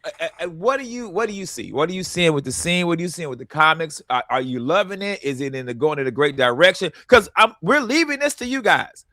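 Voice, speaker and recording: A man hosting a radio comedy show, telling stories in a casual, animated way and acting out what people said to him. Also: a little high, fast talker, few pauses, dry recording. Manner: animated storytelling, acts out quotes.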